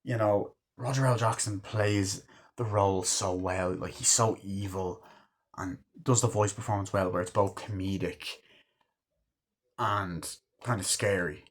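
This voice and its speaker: A man's voice: lowish voice, fairly even intonation, a little slow. A man reviewing a movie in a casual, rambling way, swearing often and leaning on fillers. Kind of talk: casual chat.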